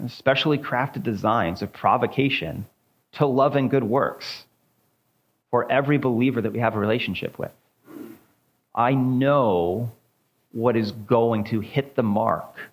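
Low-voiced pastor with halting delivery. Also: male voice. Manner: halting, many ums and repeated words. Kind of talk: informal church teaching and discussion.

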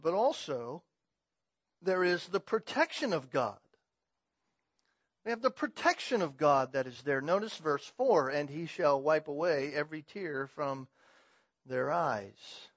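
A man's voice: on the high side, dry recording. Man preaching a sermon, dry dull sound. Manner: swings from loud, emphatic preaching to quiet, conversational asides. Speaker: pastor.

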